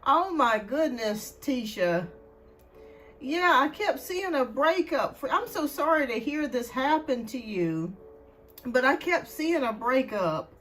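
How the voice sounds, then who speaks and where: A woman's voice: sits high, very animated, slow, a bit bright, faint music behind. A woman hosting a live tarot stream, out of breath and chatting casually while she greets viewers by name.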